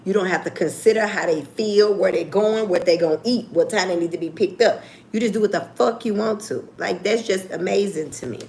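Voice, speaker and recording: Gravelly-voiced, blunt woman storyteller. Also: mid-range voice, brisk, hardly any pauses, darkish tone, a little hiss or hum. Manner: blunt, profane, laughing storyteller; talks straight to viewers. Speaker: livestream host. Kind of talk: casual storytelling chat.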